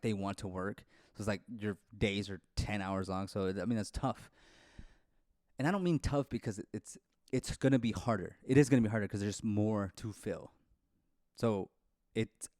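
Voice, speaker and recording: A man hosting his own podcast, talking loosely and off the cuff, full of restarts and "like"s. His voice sits a little low. The sound is dry and close, with no room echo. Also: a little mellow. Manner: rambling, many restarts and "like" fillers. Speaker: podcast host. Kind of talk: casual solo podcast talk.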